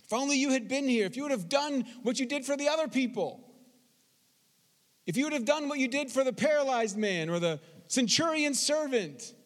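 High-voiced preacher man in a reverberant hall. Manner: expressive preaching, reads scripture slowly and emphatically. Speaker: pastor. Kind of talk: sermon.

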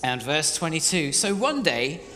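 An energetic, playful male preacher directs his congregation through a story. His voice is a bit higher than most and rings bright across a reverberant church hall. A faint noise hums beneath. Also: measured pace. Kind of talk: interactive sermon storytelling.

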